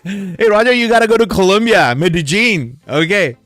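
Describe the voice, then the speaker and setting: A man's voice: fairly high pitch, takes it slowly, soft background music. A middle-aged man, host of a crypto channel, telling casual stories with frequent laughter and swearing. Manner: excitable, laughs often, swears freely. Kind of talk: casual storytelling.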